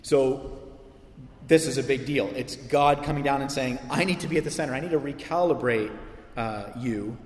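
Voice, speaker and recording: Animated preacher in an echoey hall. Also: male voice, medium pitch, moderate pace. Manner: animated, conversational preaching with asides to listeners. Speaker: pastor. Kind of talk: sermon. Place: church sanctuary.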